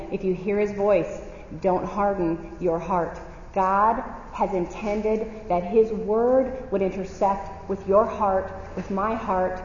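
A woman's voice: mid-range voice, a little mellow, slight background noise. A woman teaching the Bible to a group of women, often asking the audience questions and waiting for their answers. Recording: echoey hall, dull lo-fi sound.

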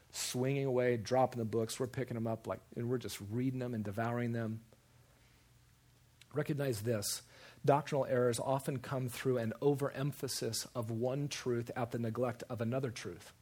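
A man preaching a sermon in an animated way, with repeated emphasis and acted-out quoted voices. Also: medium pitch, moderate pace, slightly rough. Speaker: preacher or teacher.

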